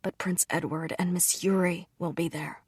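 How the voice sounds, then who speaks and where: A woman voicing a hesitant young noble brother, quiet and subdued in a storybook reading. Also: lowish voice, fairly even intonation, moderate pace, husky, no echo, clean studio sound.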